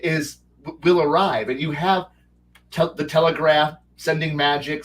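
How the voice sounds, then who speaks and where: Man, podcast guest, rambling and animated, somewhat high voice, a bit off-mic. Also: distant mic, rough recording. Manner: rambling with many false starts and restarts; animated, breaks into quick character voices. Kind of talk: casual chat.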